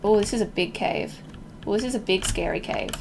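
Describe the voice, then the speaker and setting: A young Australian woman from Melbourne streams a game, chatting casually with viewers, reacting out loud and making jokes at her own expense. Her mid-range voice moves fairly quickly with some vocal fry, and the background is noisy.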